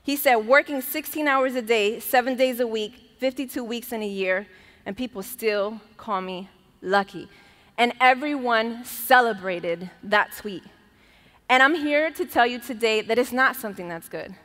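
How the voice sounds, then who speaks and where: A woman's voice: a little high, moderate pace, a bit bright. A woman pastor preaching a sermon in a church, talking in a conversational and emphatic way and laughing now and then. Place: church auditorium. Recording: long reverb of a large church hall.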